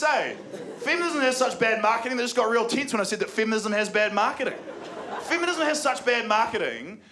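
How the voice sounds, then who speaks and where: A young man with a New Zealand accent doing live stand-up comedy, sardonic and sweary, often laughing at his own jokes. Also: high voice. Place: comedy venue before a live audience. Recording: loud crowd laughter and room noise.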